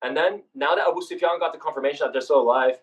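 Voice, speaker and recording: A young man leading a student discussion, retelling history in a rushed, casual way with many restarts. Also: fairly high pitch, far from the mic, low-quality recording. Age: young adult. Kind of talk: informal religious history talk.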